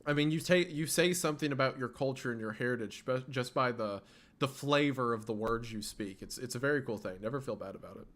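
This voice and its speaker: Relaxed man chatting on a livestream. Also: medium pitch, fast talker. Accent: faint Southern US. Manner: relaxed, rambling with restarts. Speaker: streamer. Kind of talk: casual livestream chat.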